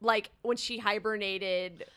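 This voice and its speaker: A woman's voice: medium pitch, fairly even intonation, slow, a crowd in the background. A woman co-hosting a casual chat, sarcastic and swearing freely as she mocks characters. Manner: sarcastic, swears, acts out exasperated quotes. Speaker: podcast co-host. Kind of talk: casual chat recapping an anime.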